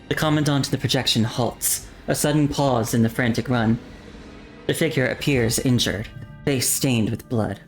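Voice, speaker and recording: A woman streamer narrating a game story aloud with slow, deliberate pacing and wry asides. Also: rumbling low, faint music behind. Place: home streaming setup.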